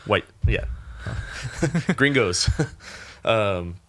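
A man with a rather low, bright, forceful voice, chatting loosely and swearing freely. He rambles through a story with plenty of fillers and jumps higher and louder when he quotes people. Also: extremely slow. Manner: laid-back storyteller, lots of fillers, swearing, animated when quoting. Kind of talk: casual chat, storytelling.

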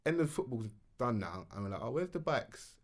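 A young man tells a story in relaxed, slang-heavy chat. He talks quickly, at a mid pitch. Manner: slangy, laid-back.

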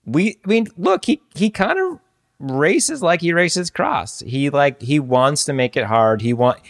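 A man's voice: on the high side, big pitch swings, unhurried, gravelly. A man co-hosting a casual podcast chat, talking in a loose, rambling way with many fillers. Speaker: podcast co-host. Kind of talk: casual chat about cycling.

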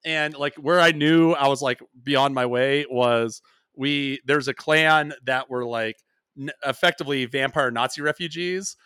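A man hosting a podcast in casual chat, rambling and self-deprecating, quick to laugh. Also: mid-range voice, sharp tone, clean tone, no room sound, studio quality. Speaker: podcast host.

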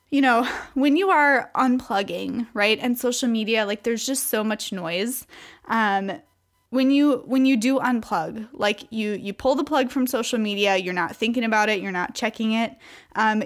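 A young adult woman coach talking casually to women about faith, with many fillers and restarts. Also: on the high side. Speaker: Christian coach. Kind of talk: casual devotional talk to women.

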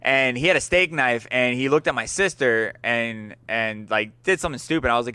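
Guy hosting a podcast, bright voice, dry sound, swears a lot telling stories. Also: medium pitch, moderate pace, clean tone, no echo. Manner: swearing storyteller, laughs while telling. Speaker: podcast host. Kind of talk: casual podcast banter.

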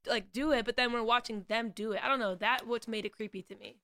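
Brief: excitable woman, casual swearing chatter, higher pitch. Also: fast. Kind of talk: casual chat.

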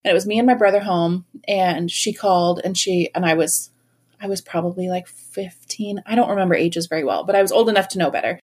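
A woman's voice: lowish voice, brisk, slightly rough. A woman in her thirties telling funny stories in casual chat, acting out other people's voices and laughing along. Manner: animated, laughing, acts out quoted voices. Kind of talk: casual storytelling.

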